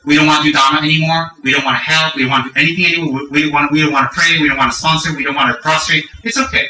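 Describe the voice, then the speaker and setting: A middle-aged man giving a Dharma talk, candid and self-mocking, acting out lively stories. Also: a little high, rapid-fire, far from the mic. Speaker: Buddhist teacher. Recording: roomy echo from off-mic.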